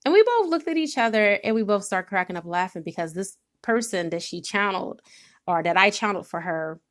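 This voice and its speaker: A woman's voice: medium pitch, animated, brisk. A woman giving a spiritual card reading, telling a story with feeling and speaking directly to her viewers. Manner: emotional, storytelling, nearly tearful at times. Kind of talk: tarot reading monologue.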